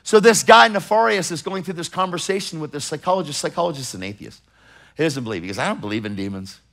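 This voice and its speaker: A middle-aged male preacher delivering a sermon with a slightly higher-than-usual voice. He presses his points with emphatic urgency, swinging between loud pushes and hushed asides. While telling stories he briefly acts out the people in them. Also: lively intonation, fast, gravelly. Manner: acts out others in quoted voices while storytelling.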